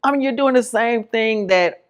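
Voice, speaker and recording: A man's voice: very high voice, normal speed, fairly bright tone. A male guest riffing emphatically in casual slang-filled chat, often laughing.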